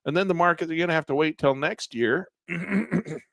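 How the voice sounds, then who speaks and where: Hoarse man teaching a casual trading class. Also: on the high side, fairly bright tone, no echo, clean studio sound. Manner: casual and folksy, acts out traders' thoughts in quick asides. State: losing his voice, clears throat often. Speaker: trading instructor. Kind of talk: live online class, walking through charts.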